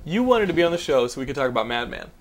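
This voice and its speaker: A man's voice: mid-range voice, big pitch swings, racing. A young man hosting a podcast, telling a story animatedly, acting out voices, swearing and laughing. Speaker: podcast host. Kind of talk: casual chat.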